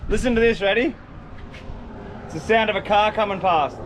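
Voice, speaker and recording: Young Australian man, easygoing slangy banter, fairly high voice, roadside wind and traffic behind. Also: moderate pace. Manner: laid-back slangy Aussie banter. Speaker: outdoor vlogger. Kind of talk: casual chat to camera. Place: outdoors by a roadside, windy. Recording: outdoor wind and passing traffic noise.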